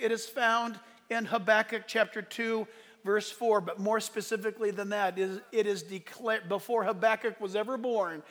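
High-voiced animated pastor in a hall. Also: male voice. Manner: animated storytelling, acts out exchanges with loud outbursts. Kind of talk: sermon. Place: church sanctuary.

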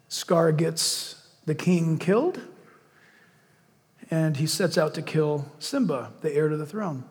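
Man, pastor, sermon, high voice, animated delivery. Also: big-room sound. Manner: animated, acts out villain lines in hushed voice. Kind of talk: sermon with closing prayer.

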